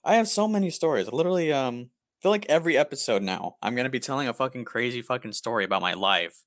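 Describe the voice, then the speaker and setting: A young man co-hosting a podcast, swearing casually and acting out stories with squeaky impressions. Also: fast, no echo, clean studio sound. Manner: profane, animated storytelling with squeaky impressions. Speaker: podcast co-host. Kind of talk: casual chat, storytelling.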